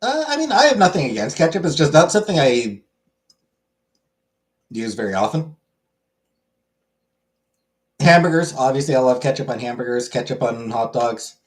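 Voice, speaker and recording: Man, casual livestream chat, rambling and chatty, mid-pitched voice, fillers everywhere. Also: sing-song, normal speed, pauses often. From Canada, born in Ontario.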